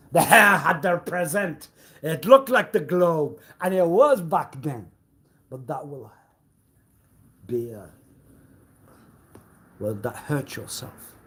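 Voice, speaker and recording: Hosting a livestream, this man delivers a theatrical, sermon-like mock lecture off the cuff, alternating between booming reprimands and quiet low mutters. His voice has a creaky quality.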